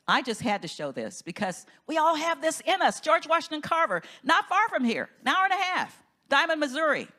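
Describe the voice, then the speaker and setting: Speaking at a conference, a female minister shares inspiration through lively storytelling. Her enthusiasm often pushes her voice up high.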